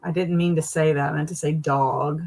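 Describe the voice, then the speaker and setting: A woman's voice: low-pitched, steady tone, moderate pace, a little mellow, rough recording. A woman hosting a casual livestream, reacting with amused, laughing commentary. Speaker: livestream host.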